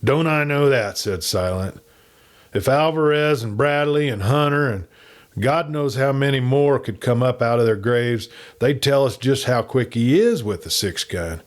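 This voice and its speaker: A man voicing a gruff, boastful outlaw gang leader with a rough frontier drawl. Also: medium pitch, expressive, unhurried, lightly acted. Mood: menacing.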